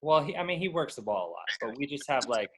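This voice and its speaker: A man's voice: mid-range voice, sing-song, fast talker, a bit bright, a little hiss or hum. A man guesting on a casual podcast, rambling and poking fun at himself. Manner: rambling, self-deprecating. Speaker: guest pro golfer.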